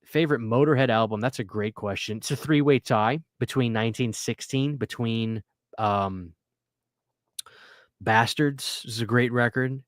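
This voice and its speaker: A man's voice: medium pitch, a little slow, dry recording, studio quality. A man hosting a casual late-night livestream, reading viewer comments and rambling earnestly. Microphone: studio microphone.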